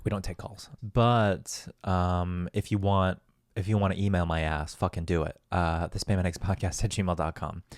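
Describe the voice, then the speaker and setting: Low-voiced rambling profane man. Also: fairly even intonation, normal speed, no echo, studio quality. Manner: rambling, profane, self-deprecating, with laughs. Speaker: podcast host. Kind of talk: casual solo podcast monologue.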